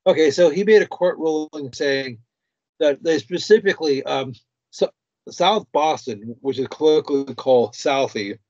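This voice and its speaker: A man appearing as a guest on a talk show, explaining slowly and hesitantly with frequent fillers and restarts. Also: fairly high pitch, a little mellow, dry recording. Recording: dry dull lo-fi sound.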